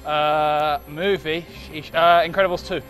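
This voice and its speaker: A male tennis player answers quick-fire questions in a laid-back way, keeping his replies short. Faint music plays behind him. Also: a little high, steady tone, a bit bright. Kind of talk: casual interview answers.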